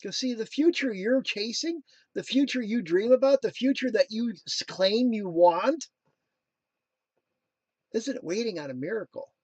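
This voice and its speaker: A man in his thirties hosts a casual motivational talk, with a high-pitched voice recorded dry and close. He wanders into playful, jokey tangents and then returns earnestly to his message. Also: expressive, unhurried, no echo. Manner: playful, jokey asides, sings snatches. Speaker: motivational show host.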